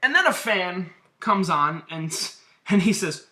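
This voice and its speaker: A man's voice: high voice, expressive, unhurried, bright, forceful tone. A man who wrestles, giving a profane, combative rant in a vlog about online feuds. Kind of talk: ranting vlog commentary.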